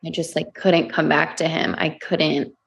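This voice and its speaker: Hesitant young woman with a gravelly voice. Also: low voice, flat delivery, measured pace. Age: young adult. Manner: hesitant, many fillers like "like". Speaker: participant sharing a conflict. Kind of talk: personal account in counselling session.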